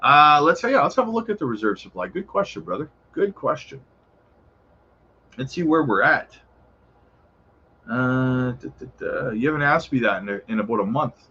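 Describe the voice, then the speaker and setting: A man's voice: mid-range voice, lively intonation, normal speed, long pauses, sharp tone, husky, highs cut off. A man hosting a casual crypto livestream, answering viewer questions in a laid-back, chummy way and calling viewers brother. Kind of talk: casual live chat reading viewer questions.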